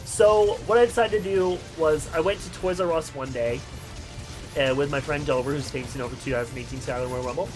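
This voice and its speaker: Young man, vlog host, excitable, rambling, quick, high-pitched, faint music behind. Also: rough recording. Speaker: video host. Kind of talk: casual storytelling vlog.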